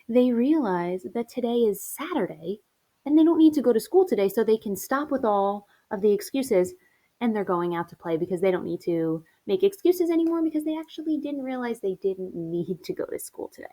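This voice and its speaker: A woman's voice: on the high side, expressive, a little fast, mellow. Encouraging woman teacher talking to children. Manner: friendly, encouraging teacher talk to young pupils. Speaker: elementary school teacher. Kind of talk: virtual reading lesson for children.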